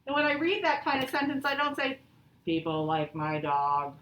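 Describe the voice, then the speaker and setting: A woman teaching a grammar lesson to young pupils, patient and encouraging, reading example sentences out slowly. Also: high voice, level tone, fairly bright tone. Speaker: elementary school teacher. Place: classroom, also streamed to pupils at home. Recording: echoey classroom from far off.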